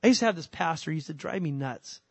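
A man preaching a sermon in a relaxed, everyday manner, pushing some lines out loud and dropping others to a quiet, earnest tone. His voice sits a little high for a man. The sound is close and dry, with no room around it. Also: quick pace, slightly rough, no echo. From California. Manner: animated, colloquial preaching that swings between loud emphasis and quiet, earnest lines. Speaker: pastor.

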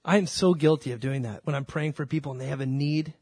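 A man's voice: on the high side, quick pace, a little mellow, husky, dry recording, clean studio sound. A man preaching a sermon, telling stories and acting out biblical dialogue. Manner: storytelling, acts out biblical dialogue. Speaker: pastor.

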